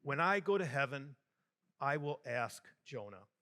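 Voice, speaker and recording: A man voicing a devout, quick-witted schoolgirl who gives earnest, matter-of-fact answers in a joke told during a homily. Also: medium pitch, animated, sharp tone, pitched below the performer's own voice. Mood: undaunted.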